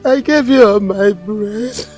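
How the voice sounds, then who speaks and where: A woman's voice: a little high, expressive, unhurried, soft background music. An actress playing a crying village mother who accuses and demands answers, in a film drama. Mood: grieving. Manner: grief-stricken, accusing. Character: grieving village mother, bitter. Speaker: grieving mother. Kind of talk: Nollywood film acting.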